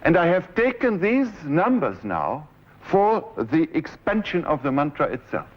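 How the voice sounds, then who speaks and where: A high-voiced composer in his forties, speaking with a German accent, gives a lecture with live musical demonstration. He takes his piece apart step by step, directs the players, and at times hums the phrases. The 1970s recording is dull, with faint piano audible in the background.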